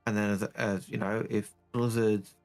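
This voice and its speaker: A man with a fairly low voice co-hosting a casual gaming podcast. He circles around his points with restarts and fillers, and turns blunt and heated when something bothers him. Soft music sits faintly in the background. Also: little pitch movement, moderate pace. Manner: hesitant and repetitive, getting heated when annoyed. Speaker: co-host.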